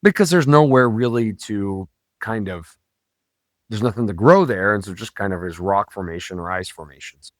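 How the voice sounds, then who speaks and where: Low-voiced man hosting a podcast. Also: normal speed, dry recording, clean studio sound. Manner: rambling, many fillers and self-corrections. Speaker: podcast host. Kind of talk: casual podcast monologue.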